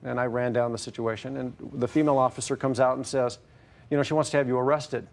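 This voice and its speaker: A middle-aged man telling his story in court, halting and full of fillers. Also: mid-range voice, steady tone, gravelly. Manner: hesitant, halting, many fillers. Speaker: plaintiff. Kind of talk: testimony in court.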